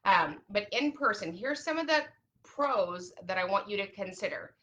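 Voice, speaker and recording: A woman's voice: mid-range voice, a little hiss or hum. A woman who advises families on special education, talking straight to camera in a chatty way and acting out little quoted asides. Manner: chatty, lively, acts out parents and kids in quick asides. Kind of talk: direct-to-camera advice talk.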